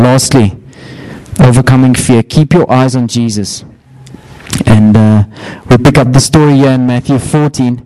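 A middle-aged pastor delivers a sermon in a mellow voice at a moderate pace, telling stories and acting out quotes with raised pitch. The recording is rough, with no room sound.

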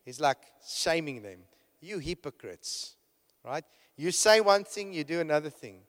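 A man's voice: fairly high pitch, lively intonation, normal speed, fairly bright tone. Emphatic preacher man in a reverberant hall. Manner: rhetorical, keeps checking in with "right?"; emphatic, repeats and restarts phrases. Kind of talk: sermon.

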